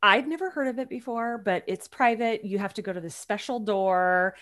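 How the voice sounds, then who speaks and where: A woman in casual chat as a podcast co-host, telling a story in a chatty, animated way and often laughing. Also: medium pitch, moderate pace.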